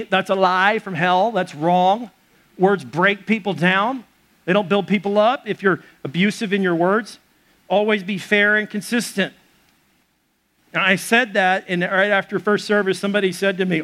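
A man's voice: high voice, normal speed, fairly bright tone. A man preaching a sermon as pastor of a church, conversational and joking with the congregation.

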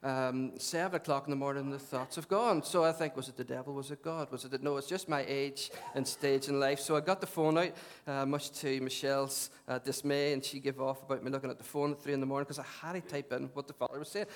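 Chatty and lively, a pastor peppers his sermon with joking asides before reading Scripture aloud. He speaks quickly with few pauses, in a medium-pitched voice.

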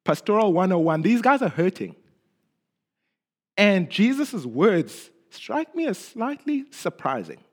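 A man preaching a sermon in an expressive way, often dropping low and quiet at the ends of phrases and repeating words for emphasis. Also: unhurried.

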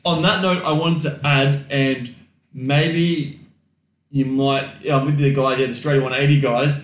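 A man's voice: mid-range voice, fairly even intonation, a little slow. A man with an Australian accent co-hosting a casual podcast, laid-back and playfully crude. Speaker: podcast co-host. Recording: echoey room.

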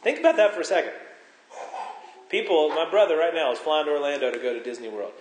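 A middle-aged pastor preaching a sermon, animated and joking, asking the congregation rhetorical questions. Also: male voice, a little high, quick pace, a little hiss or hum. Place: church hall. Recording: echoey church hall.

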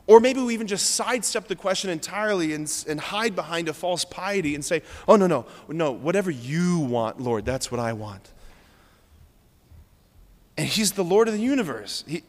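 High-voiced priest preaching in a reverberant church. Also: male voice. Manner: conversational, earnest preaching with frequent "like". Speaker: Catholic priest. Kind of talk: homily. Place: large church.

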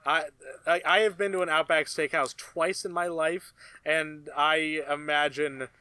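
A man co-hosting a podcast in casual chat, blunt, emphatic and quick to swear. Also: fairly high pitch, little pitch movement, pushed and bright, smooth. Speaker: podcast co-host.

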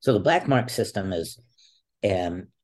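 A man in his sixties, an interview guest telling a long story in a casual way, acting out what others said. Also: measured pace. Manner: animated storyteller, acts out quotes with a raised pitch. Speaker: interview guest, former wrestler.

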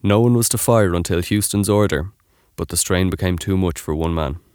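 A man giving scripted documentary narration in an even, informative way. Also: deep voice, normal speed, no echo, clean studio sound.

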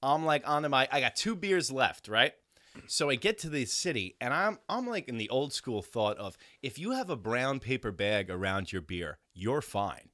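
A man's voice: medium pitch, moderate pace, dry recording, clean studio sound. A man casually telling a long, profane story, slipping into other people's voices as he goes. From New York area. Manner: rambling, profane, animated anecdote with quoted voices. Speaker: podcast storyteller.

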